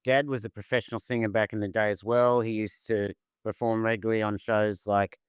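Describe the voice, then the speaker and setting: Aussie musician guy chatting, smooth resonant voice, dry close mic. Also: on the low side, little pitch movement, fairly quick, dry recording. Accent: Australian. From Australia. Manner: chatty, storytelling, frequent restarts. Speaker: musician guest. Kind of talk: casual interview chat.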